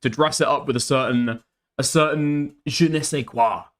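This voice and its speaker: A man's voice: mid-range voice, normal speed. A man doing casual reaction commentary as a streamer, blunt and profane, tagging his points with "okay?".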